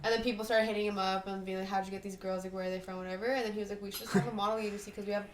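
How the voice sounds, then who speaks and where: A woman's voice: medium pitch, flat delivery, echoey room. A young woman from Kitchener in Canada, a guest on a podcast, telling stories in casual chat with lots of fillers. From Kitchener, Ontario, Canada. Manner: fast storytelling with many likes. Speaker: guest, model.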